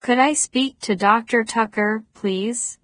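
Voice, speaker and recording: A woman voicing a guarded, persistent man in his thirties in an audiobook, at a slow pace. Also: on the high side, a bit bright, dry recording, studio quality. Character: wary 37-year-old man, persistent and guarded.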